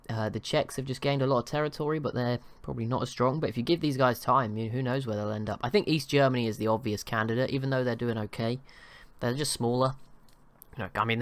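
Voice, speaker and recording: A man's voice: mid-range voice, no room sound. A young man giving casual commentary on a strategy game, rambling and often correcting himself. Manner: rambling, self-correcting, apologetic. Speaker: gaming channel host.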